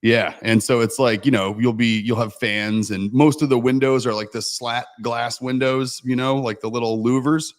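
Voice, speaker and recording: A man's voice: medium pitch, fairly even intonation, normal speed, few pauses. A man from Hawaii co-hosting a livestream, talking in a laid-back way full of "like" and "dude". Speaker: co-host. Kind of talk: casual livestream chat.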